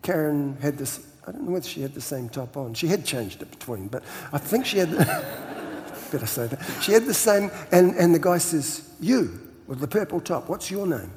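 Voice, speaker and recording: An older man from New Zealand with a New Zealand accent, telling stories as a pastor guest in a relaxed interview, laughing often and repeating words as he starts his sentences. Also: on the high side, moderate pace, hardly any pauses, slight background noise. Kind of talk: storytelling interview chat. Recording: long hall reverb.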